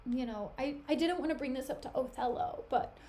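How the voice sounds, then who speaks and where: A woman's voice: high voice, a little fast, mellow, slight background noise, close to an everyday voice. Woman doing a chummy scheming male villain. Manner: chummy, slangy, falsely caring. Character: scheming buddy-buddy male villain, smooth talker. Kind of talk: casual retelling of a play on stream.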